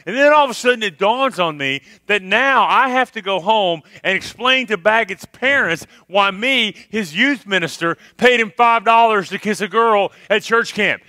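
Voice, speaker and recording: A man telling a funny camp story to a youth crowd as a former youth minister, animated and tagging his sentences with "okay? all right?". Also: sits high, normal speed, few pauses, dry recording. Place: live youth camp worship service.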